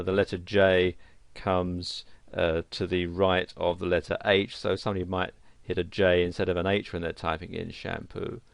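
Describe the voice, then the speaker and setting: Man, lowish gravelly voice, dry close sound, for tutorial narration. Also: dry recording. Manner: plain explanatory delivery with fillers. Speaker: course instructor. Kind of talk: screen-recorded tutorial narration.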